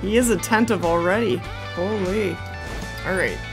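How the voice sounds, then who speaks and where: A woman giving game commentary for her channel, explaining things calmly and then squealing and laughing when the action heats up. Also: mid-range voice, moderate pace, music in the background. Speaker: gaming YouTuber.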